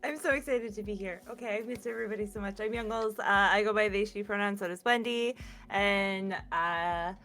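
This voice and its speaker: A woman player introducing herself in an excited, rushed way. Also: mid-range voice, faint music behind. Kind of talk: casual chat.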